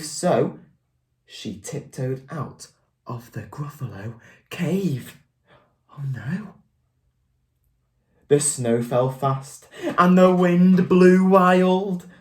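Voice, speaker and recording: Low-voiced encouraging woman teacher. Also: a little mellow. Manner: encouraging, praising, coaxing questions. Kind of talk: reading a picture book aloud to children.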